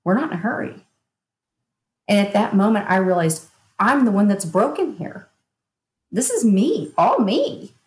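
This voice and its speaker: Woman interview guest, hypnotherapist, candid and forceful storyteller; echoey room. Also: mid-range voice, very animated, measured pace, pauses often. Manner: frank and emphatic, with bursts of laughter. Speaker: guest, hypnotherapist and mindset coach. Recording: roomy echo.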